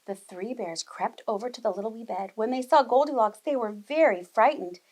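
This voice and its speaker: A woman teacher reading a storybook aloud to young children, animated and talking to them directly. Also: on the high side, a little fast, low-quality recording.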